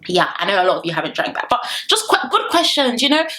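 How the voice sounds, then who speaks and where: A young woman talks through a reality TV episode in a loose, chatty commentary. She is animated and laughs often. Her voice sits at an ordinary middle pitch. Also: fast talker. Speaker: reality TV reviewer. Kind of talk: casual commentary.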